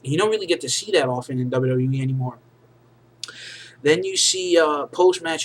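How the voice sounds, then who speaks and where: Rambling male wrestling reviewer, higher voice. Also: slight background noise, low-quality recording. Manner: rambling, heavy on fillers like "you know" and "basically". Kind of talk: casual recap review.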